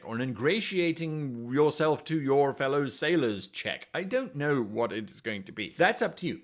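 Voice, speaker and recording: A man's voice: mid-range voice, fairly bright tone. A man hosting an instructional video, giving game master advice in an enthusiastic, conversational way.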